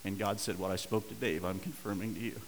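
A middle-aged man preaching a sermon, telling a story and swinging between hushed and loud, urgent passages. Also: lowish voice, steady tone, fast talker, long reverb tail, a little hiss or hum, poor audio. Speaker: pastor.

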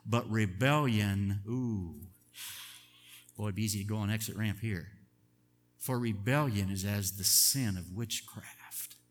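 An older man preaching a sermon as pastor, chatty and chuckling, moving between loud emphatic bursts and quiet asides. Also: lowish voice, measured pace, in a large hall.

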